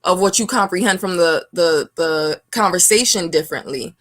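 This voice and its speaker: A woman from the northern US talking as a guest on a casual video call, halting with fillers and laughing as she goes. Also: fairly low pitch, fairly bright tone, no room sound, clean studio sound.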